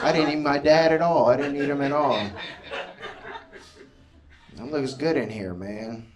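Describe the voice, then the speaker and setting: A man's voice: on the high side, a little slow. A man in his thirties doing a stand-up comedy set, chatty and conversational, often checking in with the crowd. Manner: conversational, keeps asking the crowd "you know what I mean". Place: comedy club stage before a laughing audience. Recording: roomy live club sound from far off, crowd laughter.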